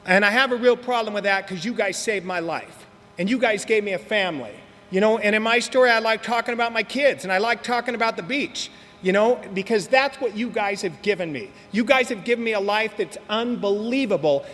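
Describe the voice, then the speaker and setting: Man, middle-aged, from Southern California, candid, joking storyteller, recovery meeting speaker, lively talk, high voice. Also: big-room sound. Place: meeting hall.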